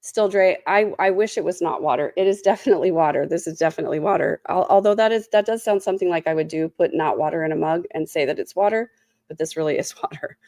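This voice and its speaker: A trial recap host, a woman, runs through a court case in casual commentary, talking fast in a lowish, mellow, dark voice. She sounds tired and sore-throated and throws in snarky, sarcastic asides. The recording is close and dry, with no room sound.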